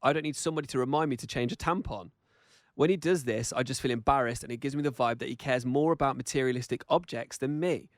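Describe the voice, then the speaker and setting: A young man co-hosts a casual podcast in a medium-pitched, fast voice, swearing freely, laughing often and reading listener stories aloud. The recording is dry and studio quality.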